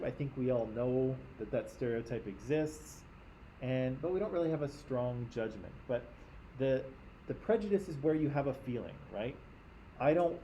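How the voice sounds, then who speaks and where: A man's voice: mid-range voice, dark tone, slight background noise, poor audio. A man from Canada, teaching a class in a conversational lecture and often checking in with his listeners.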